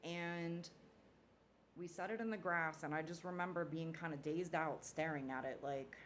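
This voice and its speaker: Woman, deep voice, rambling casual dream story, drops the odd swear word. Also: moderate pace, a little hiss or hum.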